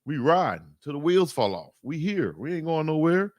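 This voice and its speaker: Animated male sports livestream host. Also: on the high side, normal speed, dry recording. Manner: animated, emphatic, repeats phrases, slangy. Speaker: live-stream sports show host. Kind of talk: casual livestream commentary.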